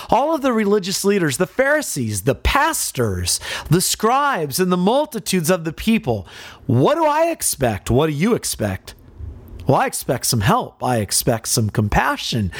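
Dramatic preacher with a lively voice. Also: male voice, high voice, a little slow, dry recording. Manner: dramatic, questioning the listener, vivid retelling. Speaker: pastor. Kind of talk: expository sermon.

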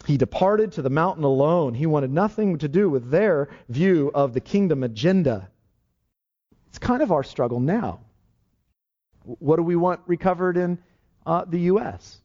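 A man's voice: a little high, lively intonation, normal speed, dark tone. A man preaching a sermon, emphatic and full of rhetorical questions. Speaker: pastor. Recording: dull, lo-fi sermon recording.

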